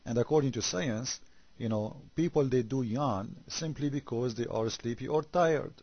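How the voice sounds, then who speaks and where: In a sarcastic critical monologue, a man fires off rhetorical questions and stumbles into halting repetitions. His pitch is medium, the recording has no room sound, and the audio is dull.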